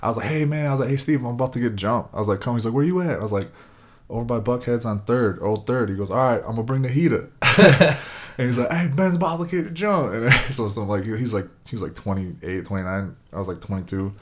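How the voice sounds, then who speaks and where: A man's voice: lowish voice, quick pace. A man, around his twenties, telling a long casual story, rambling with lots of fillers. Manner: rambling, lots of "like" and "you know".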